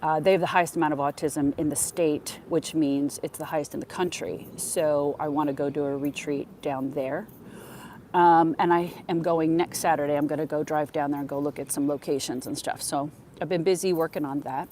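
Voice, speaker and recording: A middle-aged woman tells stories as a podcast host, her voice sitting low and deep for a woman. She rambles casually and slips into other people's voices when she retells conversations. A faint hiss runs under the recording. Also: steady tone, fairly quick, mellow. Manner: chatty, acts out quoted conversations. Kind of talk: casual storytelling monologue.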